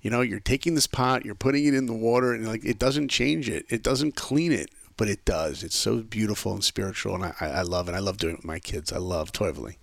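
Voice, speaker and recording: A man being interviewed on a podcast, telling stories in a lively way and acting out the voices of people he quotes. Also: on the low side, fairly quick, vocal fry, few pauses, dry recording. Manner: animated storyteller who acts out quoted voices. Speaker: podcast guest. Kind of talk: casual storytelling interview.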